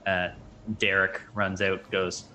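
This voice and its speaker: Brief: male tabletop player, sharp bright voice, halting delivery, faint noise behind. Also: low-pitched, monotone. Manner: hesitant, many fillers. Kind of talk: playing a tabletop game.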